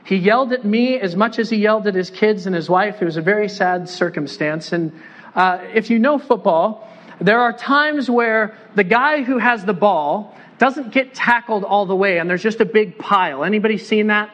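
High-voiced, joking man preaching a sermon. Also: normal speed, fairly bright tone. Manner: conversational, joking, asks the congregation questions. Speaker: pastor. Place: church sanctuary with congregation.

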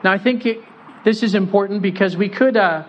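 A man's voice: high-pitched, fairly quick, lo-fi sound, a little hiss or hum. A pastor preaching a sermon in a church, conversational and joking as he puts questions to the congregation.

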